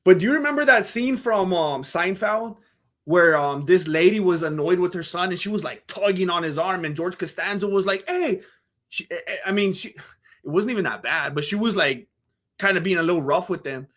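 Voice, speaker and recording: A man hosting a livestream, chatting casually and reacting to chat in an animated, rambling way. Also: high-pitched, a little fast. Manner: animated, rambling, jumps into voices. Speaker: livestream host.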